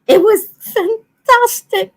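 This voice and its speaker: High-voiced woman chatting. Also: takes it slowly. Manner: animated storytelling, laughs often, acts out quoted dialogue. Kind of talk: casual chat.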